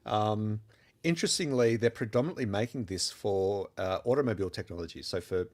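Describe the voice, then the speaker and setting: A man's voice: on the low side, brisk, darkish tone. A man co-hosting a live photography podcast, chatting casually and rambling with lots of fillers. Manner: rambling, filler-heavy, thinks aloud. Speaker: podcast co-host. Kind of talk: casual chat. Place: studio during a live podcast.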